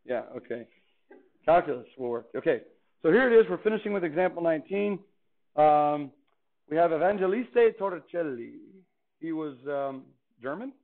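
A man's voice: on the high side, animated, moderate pace. A man teaching a calculus class in a chatty, playful way, often asking the students questions. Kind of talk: classroom lecture. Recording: tinny phone-like classroom recording.

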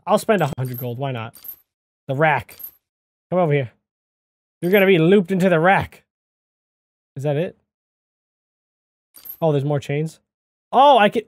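A man hosting a gaming channel, giving excitable let's-play commentary into a desk microphone, yelping and shouting at surprises. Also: on the high side, no echo.

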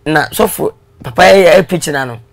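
A man being interviewed, telling his story in a casual, animated way and switching into English now and then. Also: a little high, moderate pace, gravelly. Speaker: guest.

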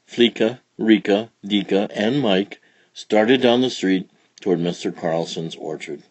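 A man reading a children's picture book aloud in a slow, expressive, gentle storytelling manner. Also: on the low side, dry recording. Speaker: storybook reader.

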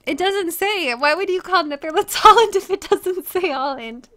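High-voiced giggly young woman streamer. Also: animated, moderate pace, sharp tone. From United States. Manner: giggly, flustered, self-deprecating. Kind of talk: casual live-stream chat.

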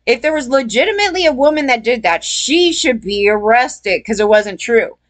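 A woman's voice: fairly high pitch, animated, moderate pace. A woman vlogger telling a story in a casual, rambling rant, emphatic and full of swearing.

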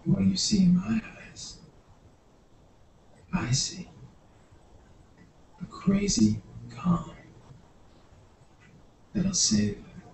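An actor with a Boston accent playing an eerie, obsessed male detective, talking slowly and dropping into whispers. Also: medium pitch, roomy sound, far from the mic, a little hiss or hum, full character voice, rough recording. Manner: slow, hushed, drops to whispers. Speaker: audition actor.

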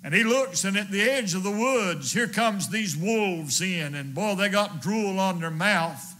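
A man's voice: sits high, expressive, unhurried, bright, forceful tone. A male evangelist preaching a fervent sermon, hammering his points home with repetition.

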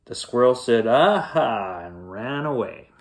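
A man reading a children's bedtime story aloud, playful and animated, acting out sound effects. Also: mid-range voice, measured pace.

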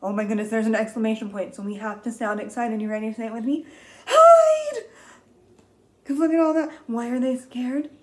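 A woman reading a picture book aloud to young children as their teacher, gentle and patient, counting along and gasping with wonder. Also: on the high side, flat delivery, quick pace, few pauses, low-quality recording. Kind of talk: slow read-aloud lesson for young children.

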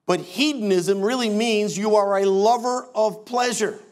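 A man's voice: sits high, measured pace. An older man preaching a sermon as pastor, emphatic with wry asides.

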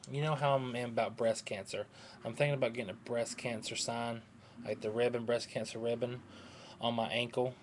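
A man's voice: mid-range voice, a little hiss or hum. A man rambling to his webcam at home, hyper and scattered but tired. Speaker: vlogger. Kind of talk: rambling casual webcam chat.

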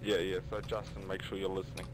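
A man's voice: deep voice, completely flat delivery, fast talker, background noise. A man on game voice chat, laying out a plan step by step. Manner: explains plans step by step. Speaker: player. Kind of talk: voice chat during game role-play.

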